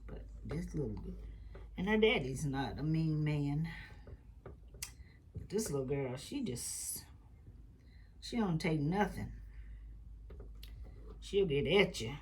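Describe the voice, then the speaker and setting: A woman who hosts a quilting channel. She chats casually and rambles through family stories during a sewing tutorial, sometimes dropping into soft muttered asides. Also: low-pitched, big pitch swings, slow, long pauses, a little hiss or hum.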